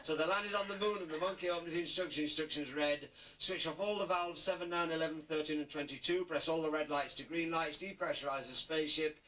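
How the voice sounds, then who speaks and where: A man's voice: fairly high pitch, fairly even intonation, quick pace, few pauses, a bit bright. A middle-aged man with a Yorkshire accent doing stand-up at a party, telling jokes in a chatty way and chuckling at his own punchlines. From Yorkshire, England. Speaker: stand-up comedian. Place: hotel function room. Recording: distant mic, noisy room. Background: crowd laughter and room noise.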